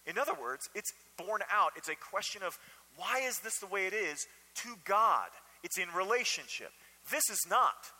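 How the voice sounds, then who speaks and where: A man's voice: sits high, very animated, normal speed, sharp tone, in a large hall, low-quality recording. A man preaching a conversational sermon to a Sunday morning congregation, often asking them direct questions. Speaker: pastor.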